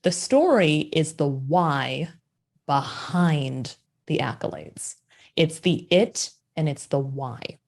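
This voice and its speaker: Expressive woman telling stories on a podcast. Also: low-pitched, slow pace, gravelly. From Minnesota, USA. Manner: energetic, expressive storyteller with rhetorical questions. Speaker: podcast guest, agency founder. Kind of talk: casual interview storytelling.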